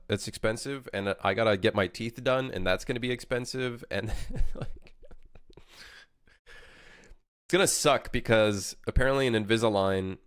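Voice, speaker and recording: A man's voice: medium pitch, fairly bright tone, no echo, studio quality. A man streaming as a game developer, chatting casually, rambling and swearing freely. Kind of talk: casual live-stream chat.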